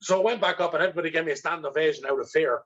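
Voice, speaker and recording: An Irish man, a guest in an interview, telling candid stories about himself in a blunt, animated way and swearing freely. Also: on the high side, rapid-fire, lo-fi sound. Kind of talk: candid storytelling.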